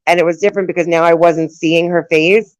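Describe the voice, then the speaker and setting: A woman's voice: fairly low pitch, fairly even intonation, brisk, no echo, highs cut off. A woman with a New York accent hosting a casual chat, talking loosely with lots of fillers and frequent laughs. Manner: chatty, laughs often, trails off with fillers. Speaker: host.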